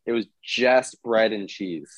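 A young man hosting a podcast, telling a story in a halting, animated way and swearing freely. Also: on the low side, no echo, dull audio. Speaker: podcast host. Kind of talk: casual chat, storytelling.

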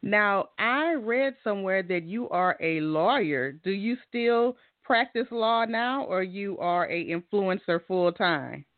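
A woman's voice: medium pitch, lively intonation, slow pace, few pauses, dry recording. A woman hosts a podcast interview, moving from a read-out intro into friendly questions. Her voice comes through dry and thin, like a phone line, with no room sound at all. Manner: reads a scripted intro, then asks questions in a friendly way. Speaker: podcast host.

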